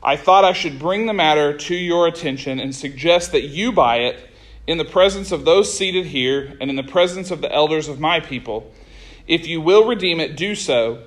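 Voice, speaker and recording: A man preaching a sermon, reading scripture and retelling it in a conversational, animated way with casual asides. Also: fairly high pitch, normal speed.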